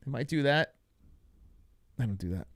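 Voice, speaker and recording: A young man hosts a live stream, reacting to results with loose, joking chatter and talking to his chat in casual live commentary. His voice is medium-pitched with lively intonation at a moderate pace. The recording is dry, with clean studio sound.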